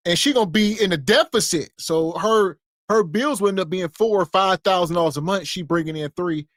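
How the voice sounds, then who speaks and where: A man's voice: sits high, fairly quick, few pauses, fairly bright tone, no echo, clean studio sound. Wry, matter-of-fact male podcast host. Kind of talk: casual podcast commentary.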